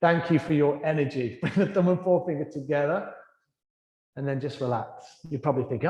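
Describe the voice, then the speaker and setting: Man guiding a yoga class, echoey room. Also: fairly high pitch. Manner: gentle, encouraging cues, softening and slowing during breathing. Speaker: yoga teacher. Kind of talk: guided yoga class instruction. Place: yoga studio.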